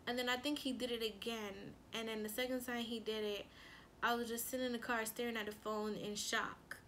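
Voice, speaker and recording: A woman who is a mother, chatting casually through a storytime, animated and full of "like" and her own quoted thoughts. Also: fairly high pitch, a little fast, slight background noise. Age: adult with a son. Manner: animated, lots of "like" and quoted self-talk. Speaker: relationship coach and vlogger.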